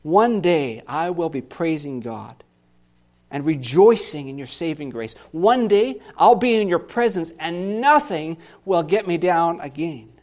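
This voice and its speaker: A man voicing an anguished male psalmist in a dramatic scripture reading, impassioned, swinging between loud pleas and hushed lows. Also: lively intonation, unhurried. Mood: pleading.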